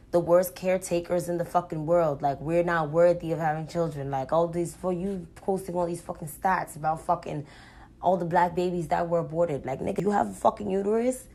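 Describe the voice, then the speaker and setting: A woman's voice: lowish voice, warm tone. A woman speaking straight to the camera in an unscripted, blunt monologue, swearing freely as she rants. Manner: blunt, profane, ranting. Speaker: vlogger.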